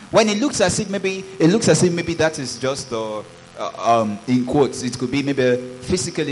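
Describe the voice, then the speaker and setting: A man's voice: fairly high pitch, a little hiss or hum, rough recording. A man preaching a sermon as pastor, reading scripture aloud and calling out praises. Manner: preaching with rising exclamations, reads scripture aloud.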